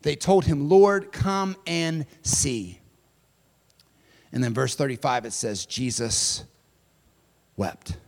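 A high-voiced male pastor preaches in a large hall where his words ring with long reverb, swinging between loud, emphatic declarations and soft, hushed passages while calling listeners "friend". His delivery is expressive, slow and creaky, with long pauses.

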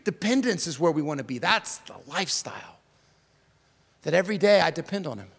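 High-voiced pastor preaching in a reverberant hall. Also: male voice, sing-song, fairly quick, creaky. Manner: emphatic, swinging from loud declarations to hushed near-whispers, repeats key words. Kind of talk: sermon.

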